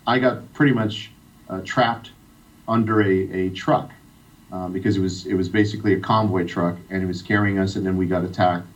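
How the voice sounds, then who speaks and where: A man's voice: sits low, steady tone, normal speed. A middle-aged man from Iran telling a heartfelt personal story as a guest on a radio interview. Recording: distant, dull radio sound.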